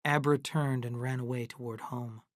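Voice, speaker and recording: A narrator reading a novel aloud in a slow, even way as a story for English learners. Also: medium pitch, no room sound, studio quality.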